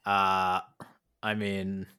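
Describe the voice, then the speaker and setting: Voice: deep voice, monotone, extremely slow, sharp tone, clear, resonant tone. An easygoing player in a tabletop game session who laughs often.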